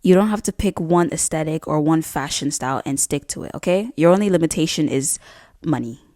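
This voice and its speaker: A woman's voice: low voice, expressive, fairly quick, warm tone, dry recording, clean studio sound. A young woman giving casual advice in a vlog, talking bluntly with lots of swearing and jokes. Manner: blunt, profane, jokey. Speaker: vlogger.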